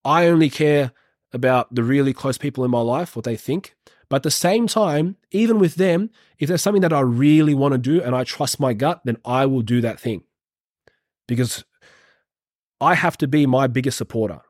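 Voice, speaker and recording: A man's voice: mid-range voice, normal speed, darkish tone, no echo. Male personal-trainer podcast host; earnest, rambling, casually profane; mid voice, dry recording. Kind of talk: motivational podcast monologue.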